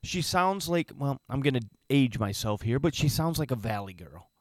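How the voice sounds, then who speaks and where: A man's voice: medium pitch, expressive, moderate pace, no room sound, studio quality. A man giving emphatic, opinionated political commentary.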